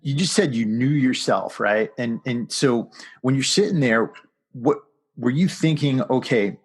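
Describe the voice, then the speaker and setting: A man's voice: medium pitch, measured pace, breathy edge. A man hosting a podcast who asks the guest probing follow-up questions. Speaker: podcast host. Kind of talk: interviewing.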